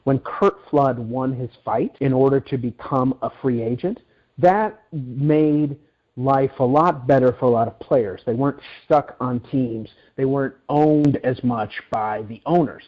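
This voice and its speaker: A middle-aged guest author being interviewed tells stories animatedly in an unhurried, medium-pitched voice, often restarting and repeating words. The audio is dull and lo-fi.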